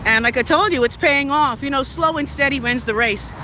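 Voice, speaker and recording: Bahamian woman, chatty and sassy, phone-in-hand street vlog, traffic clearly audible behind. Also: sits high, a little fast. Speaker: vlogger. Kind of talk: casual live-stream chat while walking. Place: city street outdoors, walking. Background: traffic noise.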